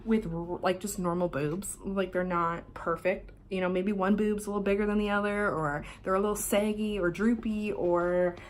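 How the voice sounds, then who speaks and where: A young adult woman from Canada, chatting casually through a tarot deck unboxing in a hotel room, swearing offhandedly and drifting into soft asides. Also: medium pitch, fairly even intonation, moderate pace, hardly any pauses. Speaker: tarot vlogger. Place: hotel room while travelling.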